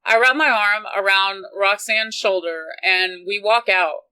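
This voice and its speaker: A woman reading a romance novel aloud in an unhurried, even manner. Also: medium pitch, clear, resonant tone, poor audio. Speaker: audiobook reader.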